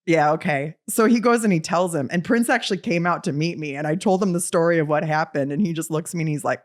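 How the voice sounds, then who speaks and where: A woman's voice: on the low side, fast talker, hardly any pauses. A woman in her forties from Wisconsin, a podcast guest telling stories in a casual, laughing way and acting out the quoted lines. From Wisconsin, US Midwest. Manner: lively, laughing, acts out quotes in raised voice. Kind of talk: casual storytelling.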